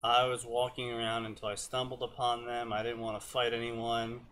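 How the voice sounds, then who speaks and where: A man's voice: medium pitch, moderate pace, a little hiss or hum. Young man reading fanfiction with snark. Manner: reads flatly, slips and stumbles on names. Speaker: co-host reading fanfiction aloud. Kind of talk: casual reading with mocking commentary.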